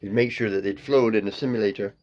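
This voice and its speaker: A man's voice: lowish voice, steady tone, fast talker, darkish tone. A man in a rambling, free-associating comic monologue that jumps playfully between tangents. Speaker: comedian.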